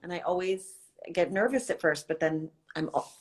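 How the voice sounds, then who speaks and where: A woman's voice: on the low side, moderate pace. Wry, joking woman guest. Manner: wry, joking, animated storyteller. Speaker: actress and guest. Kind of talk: casual chat. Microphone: phone.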